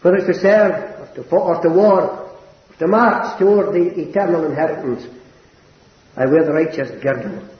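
An older man preaching a sermon, earnest and climbing to high, impassioned emphasis. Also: moderate pace. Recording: roomy, dull lo-fi sermon recording.

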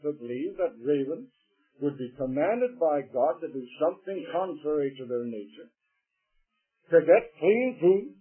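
Slow, husky-voiced preacher on a tinny recording. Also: male voice, animated. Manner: emphatic, swinging between loud declarations and low asides. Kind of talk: sermon. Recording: tinny, phone-like old sermon recording.

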